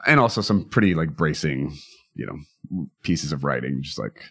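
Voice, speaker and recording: Man, very low voice, podcast guest, candid, animated storyteller. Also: moderate pace, breathy edge. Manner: earnest, animated storyteller who acts out quoted voices.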